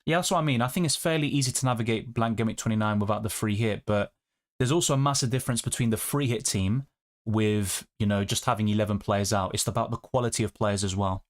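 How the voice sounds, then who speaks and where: A man's voice: fairly low pitch, quick pace. Young man, live stream host, chatty, reading viewer comments. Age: 20s. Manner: chatty, reads viewer comments aloud and answers them. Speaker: fantasy football streamer.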